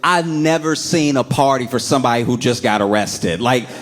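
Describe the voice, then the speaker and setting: A man performing a stand-up comedy set, telling stories animatedly and slipping into quick voices. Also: mid-range voice.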